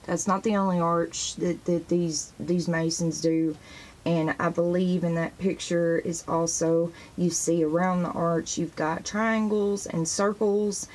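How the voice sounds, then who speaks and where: A woman hosting a casual show-and-tell video, excitedly pointing out pictures in books and dropping in praise phrases as she rambles. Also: fairly low pitch, measured pace, poor audio. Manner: sprinkles praise phrases into talk. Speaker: religious video host.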